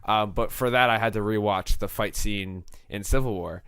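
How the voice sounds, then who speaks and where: A man's voice: lowish voice, fairly bright tone, clean tone, dry recording. A young man co-hosting a podcast, chatting casually and enthusiastically, acting out movie moments as he goes. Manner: enthusiastic, acts out movie lines in quick bursts. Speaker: podcast co-host. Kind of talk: casual chat.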